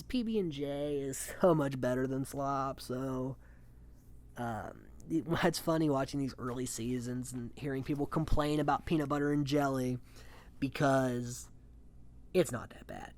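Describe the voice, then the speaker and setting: A man's voice: medium pitch, a little slow. A man talking casually and offhandedly as a recap host, swearing freely and chuckling often between points. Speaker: reality show recap host.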